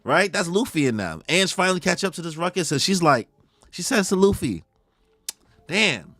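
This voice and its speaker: Excitable man with a lively voice. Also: high voice, a little fast, no room sound. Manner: slangy, excitable, goes off on tangents. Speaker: manga reaction host. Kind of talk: casual live reaction commentary.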